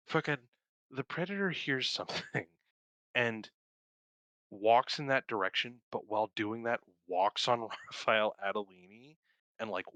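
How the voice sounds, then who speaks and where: A young man co-hosting a podcast, casually reviewing a film in a rambling, profane and excited way and laughing often. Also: mid-range voice, no echo. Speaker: podcast co-host.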